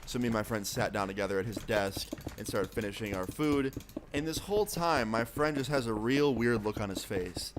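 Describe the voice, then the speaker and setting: A young adult man streamer telling a story in a casual, profane, animated way, with a noisy background of keyboard clicks. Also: on the low side, moderate pace.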